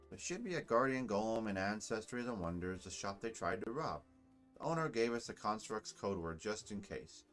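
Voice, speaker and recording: Low-voiced guy reading game dialogue and chatting, lively pitch, faint music. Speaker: gamer reading and playing a story game. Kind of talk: casual let's-play commentary and reading dialogue.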